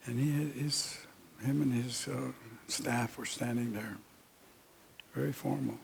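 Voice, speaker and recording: An older man with a gravelly, creaky voice tells a story from his own past, taking his time and pausing often. His pitch sits in an ordinary middle range, and a faint hiss runs under the recording. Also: fairly even intonation, darkish tone. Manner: unhurried, halting storytelling with many pauses and fillers. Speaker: speaker at an honoring event. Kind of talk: recounting a personal story in a speech.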